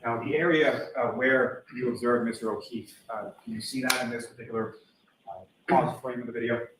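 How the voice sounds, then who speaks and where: A man working as a trial attorney, questioning a witness in court with quick questions and frequent fillers. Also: mid-range voice, steady tone, fairly bright tone. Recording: echoey courtroom audio with faint noise.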